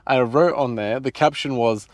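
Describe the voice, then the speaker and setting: A man's voice: mid-range voice, normal speed, no echo, studio quality. A man hosting a podcast, chatty and joking, who drifts into rambling asides and stories. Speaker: podcast host. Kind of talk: casual interview conversation.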